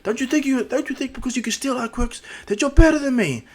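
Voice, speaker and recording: Casting note: snarling, loud teen boy rival, put on by a man narrating. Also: slow, husky, faint music behind, exaggerated voice. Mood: angry shouting. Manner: loud, snarling, high-pitched. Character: hot-tempered teenage boy rival, yelling.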